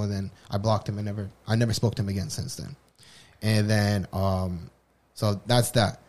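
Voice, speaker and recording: A man's voice: on the low side, fairly even intonation, normal speed, a little mellow, slight background noise. A man co-hosting a podcast, telling a personal story in a candid, rambling way full of restarts. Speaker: podcast co-host. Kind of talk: casual personal chat.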